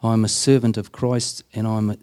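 Earnest man, mellow voice. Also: on the low side, level tone, moderate pace. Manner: earnest, plain-spoken, acts out quoted dialogue. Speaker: deacon and prison minister. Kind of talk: storytelling in an interview.

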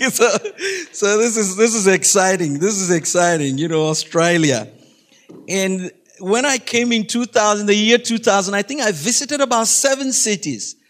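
A man's voice: high voice, animated, moderate pace, a bit bright. A middle-aged man giving a humorous faith talk to a school audience, chatty and laughing, often asking the listeners questions. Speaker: guest speaker.

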